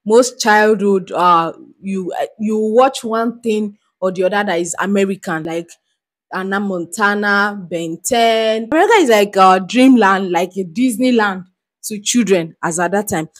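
A young woman from Nigeria, chatting casually as she reacts to street interview clips, with frequent laughs and lively asides. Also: mid-range voice, a little slow. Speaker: reaction video host.

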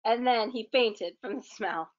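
A woman reading a children's book aloud in a gentle, expressive storytelling manner. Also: on the high side, a little slow, highs cut off.

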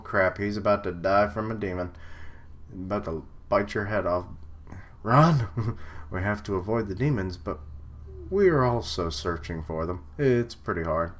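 A young man reading manga panels aloud and commenting in a casual live reaction, with frequent fillers and little laughs. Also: fairly low pitch.

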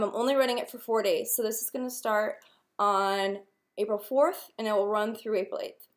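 A young woman talking casually to camera as a nail wrap consultant, chatty and upbeat, with lots of filler ums. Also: mid-range voice. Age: young adult. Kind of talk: casual direct-to-camera vlog.

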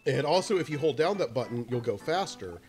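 A host coaching a player through a video game with encouraging, animated commentary. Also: medium pitch, a little fast, soft background music. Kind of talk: casual let's play commentary.

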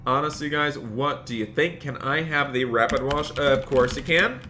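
A man's voice: mid-range voice, normal speed, noisy background. A young man streaming a role-play game, chatting upbeat and greeting viewers by name.

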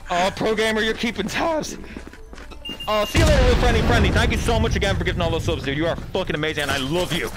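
A man streaming a game live, excitable and a little out of breath, thanking subscribers and shouting during wins. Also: sits high, fast talker, very noisy. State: out of breath from push-ups. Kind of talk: live gaming stream chat. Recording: loud game gunfire behind.

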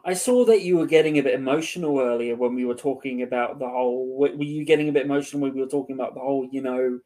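A man's voice: medium pitch, racing, dark tone. A man hosting a podcast interview, agreeing readily and leaning on "you know" fillers. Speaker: podcast host.

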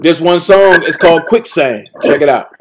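A man's voice: on the high side, normal speed. A man hosting a live-stream talk show, speaking in laid-back, slangy street talk. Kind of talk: casual live-stream chat.

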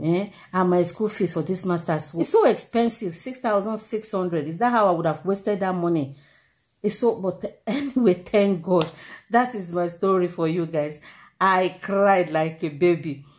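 A middle-aged Nigerian woman vlogging, telling a personal story in an animated, exclamatory way and repeating herself for emphasis. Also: fairly low pitch. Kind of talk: casual storytelling to camera.

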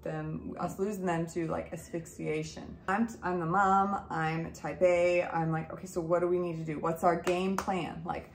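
A woman in her thirties, a mother, telling her family's story in a casual, animated way and acting out the dialogue. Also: on the low side, normal speed, hardly any pauses, reverberant, slight background noise. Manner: emotional, animated retelling with quoted dialogue.

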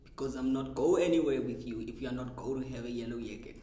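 Halting, offbeat man in an echoey room. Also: mid-range voice, mellow. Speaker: podcast guest. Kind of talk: casual group chat.

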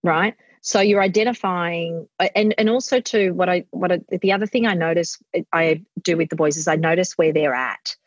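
Middle-aged woman, husky voice, animated interview chat, dull dry sound. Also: on the low side, moderate pace, hardly any pauses, no echo. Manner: animated, acts out what she says to her kids. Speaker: guest. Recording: muffled dry audio.

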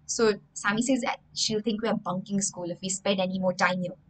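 A woman's voice: medium pitch, fairly quick, bright, forceful tone, low-quality recording. A young woman, reading a story aloud on a livestream and rephrasing each line in simpler words for children. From India. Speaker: storyteller and English teacher.

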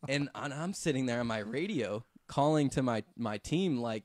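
A man's voice: medium pitch, moderate pace, hardly any pauses, dry recording, studio quality. A man, a visual effects artist, telling a story in a casual podcast chat, full of fillers and swearing. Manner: relaxed, filler-heavy, swears freely.

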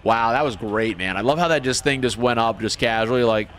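A man's voice: medium pitch, fairly quick, fairly bright tone, slight background noise. A man hosting a casual gaming livestream, talking in a laid-back folksy trucker way and greeting his chatters. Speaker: livestream host.

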